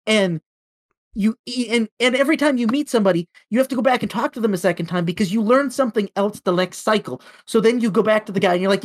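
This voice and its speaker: A man's voice: high-pitched, quick pace. A man co-hosting a podcast in casual chat, retelling a story animatedly and acting out the quotes. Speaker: podcast co-host.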